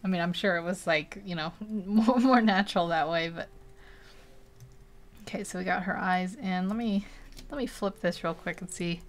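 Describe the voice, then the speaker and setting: A woman's voice: lowish voice, moderate pace. A young woman casually narrating as she paints a digital portrait, chatty and rambling, laughing often between thoughts. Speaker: digital art streamer.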